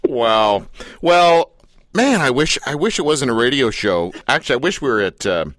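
Lively, joking male radio host. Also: mid-range voice, normal speed, no echo, studio quality. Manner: playful, joking, animated. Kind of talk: casual interview chat.

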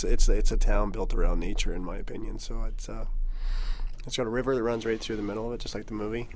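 A man from Canada sits in as a musician guest in a radio studio. He talks in a relaxed, halting way, circling back on his words. His voice is low. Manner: relaxed, hesitant, with many restarts and fillers. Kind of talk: casual chat.

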